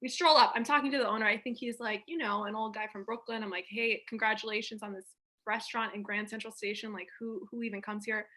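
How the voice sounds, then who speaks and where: A woman's voice: a little high, steady tone, fast, sharp tone. A young woman co-hosting a podcast, chatting and telling funny stories in a joking, talkative way. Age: young adult. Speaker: podcast co-host. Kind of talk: casual comedic chat.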